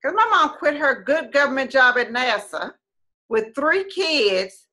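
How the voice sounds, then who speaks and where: A woman host with a bright, clear, fairly high voice leads a casual interview. She talks in an expressive, playful way and likes to act out remarks as she tells stories. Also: unhurried. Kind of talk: conversational interview.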